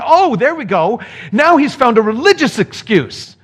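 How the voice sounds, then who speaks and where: A male pastor giving a sermon with scripture reading, playful and animated, acting out the characters. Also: very high-pitched, normal speed.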